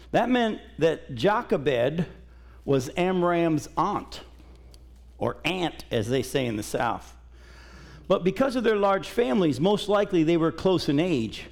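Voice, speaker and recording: Middle-aged man preaching a folksy, conversational Bible sermon in a church, voice sitting a touch high. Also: a little mellow. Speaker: pastor. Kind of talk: sermon with scripture reading. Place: church sanctuary.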